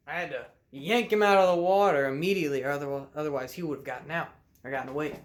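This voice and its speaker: A young man casually telling a fishing story to the camera from his messy room at home, in a laid-back drawl with loud shouted bursts as he acts it out. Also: fairly high pitch, fast.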